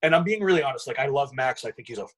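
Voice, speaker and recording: A man in his thirties telling a gym story in casual chat, animated, swearing often and acting out what people said. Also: mid-range voice, very fast, poor audio. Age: 30s. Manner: animated storyteller, frequent profanity, acts out quotes.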